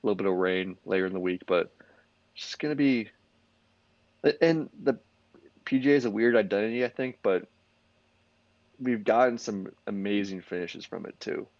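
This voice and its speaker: Talking sports casually on a podcast he co-hosts, this young man wanders off track, peppering his speech with "like" and frequent restarts. His fairly low voice is a little mellow, delivered at normal speed with long pauses. The recording is muffled and has no room sound.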